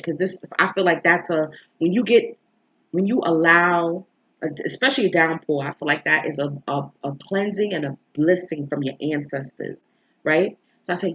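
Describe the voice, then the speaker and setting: A woman's voice: on the low side, normal speed, background noise. A woman tarot reader telling viewers a personal story in a casual, candid, emotional way, swearing freely. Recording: slightly dull lo-fi recording.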